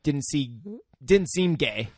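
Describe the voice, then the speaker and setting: A man's voice: a little high, lively intonation, slow pace, darkish tone, no echo. Laid-back young man, dry close mic. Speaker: podcast co-host. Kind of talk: casual chat.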